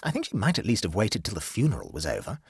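A man's voice: lowish voice, huge pitch swings, quick pace, creaky, slightly rough, no echo, clean studio sound, heavily acted. A man reading aloud, voicing an anxious, scandalised upper-class lady in a story. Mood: fretful. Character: fretful upper-class English lady, easily swayed.

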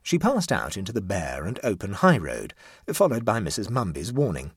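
Husky, animated male storyteller. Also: fairly low pitch, normal speed, no echo, clean studio sound. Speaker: narrator. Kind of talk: audiobook narration.

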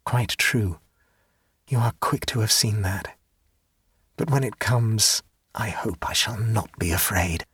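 A man's voice: fairly low pitch, slow pace, long pauses, fairly bright tone, slightly rough, no room sound, clean studio sound, exaggerated voice. A man reading the part of a serene, rapturous young man who talks with ecstatic, preaching fervor. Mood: calm. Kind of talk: audiobook character reading.

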